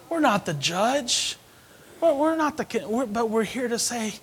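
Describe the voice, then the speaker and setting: A man preaching a sermon as associate pastor, swinging between hushed whispers and loud emphatic calls. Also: extremely high pitch, very animated, a little slow, slight background noise. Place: church sanctuary.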